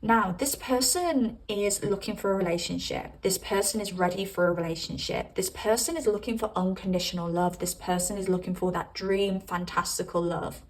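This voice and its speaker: A woman talks through a pick-a-card tarot reading in a loose, chatty way. She giggles as she muses about what she senses. Her voice sits at a middling pitch and sounds a little distant from the mic. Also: normal speed, few pauses. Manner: chatty, giggly, intuitive musing. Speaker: tarot reader.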